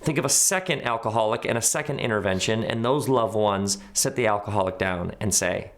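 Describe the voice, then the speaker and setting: A man's voice: on the low side, fairly quick, hardly any pauses. A middle-aged man, an author and speaker, talking reflectively in an interview and acting out the voices of people in his stories. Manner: animated, acts out quoted voices in his stories. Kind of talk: reflective conversational storytelling.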